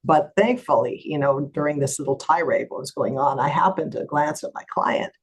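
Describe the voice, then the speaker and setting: A woman's voice: deep voice, normal speed, husky, low-quality recording. A middle-aged woman lawyer, a guest in an interview, retelling a courtroom story with animation and acting out the voices of others.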